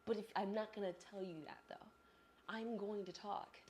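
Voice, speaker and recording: A young woman in her twenties, a vlogger telling a chatty, animated story about her travel day straight to the viewer while on the move. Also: mid-range voice, normal speed, slight background noise. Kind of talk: casual storytelling vlog. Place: on the move, traveling through an airport.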